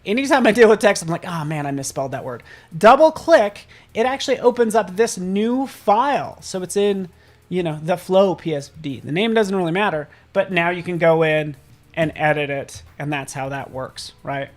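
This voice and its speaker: An upbeat man runs a live software tutorial and talks straight to viewers in the chat. His delivery is casual and playful, and he jokes about himself as he teaches. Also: sits high, normal speed. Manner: casual and self-joking. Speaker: host and software instructor.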